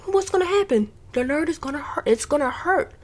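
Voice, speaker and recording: A woman's voice: high voice, animated, fairly quick. A woman hosting a casual advice talk from home, earnest and heartfelt, rambling with restarts. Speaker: podcast host. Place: home with family noise nearby.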